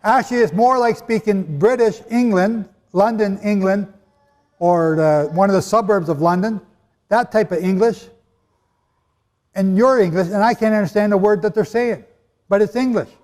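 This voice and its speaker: A man's voice: high-pitched, normal speed, a little mellow. A man preaching a sermon-style teaching to a live audience, talking emphatically and conversationally and quizzing his listeners. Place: large hall with an audience. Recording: long hall reverb.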